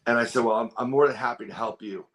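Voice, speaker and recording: Man, podcast guest, mid-pitched, rambling, casual storytelling. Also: quick pace, a bit bright. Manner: rambling, many restarts and quoted dialogue.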